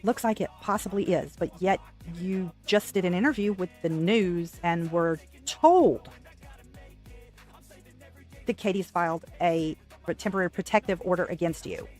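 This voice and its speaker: A woman's voice: fairly low pitch, measured pace, darkish tone, faint music behind. A woman hosting a commentary channel, cutting in with dry, sarcastic remarks.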